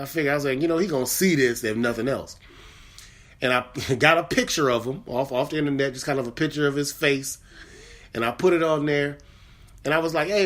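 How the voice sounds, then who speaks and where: A man hosting his own comedy podcast, telling a story in a rambling casual way with lots of fillers and repeated words. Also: fairly high pitch. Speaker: podcast host. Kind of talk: casual chat.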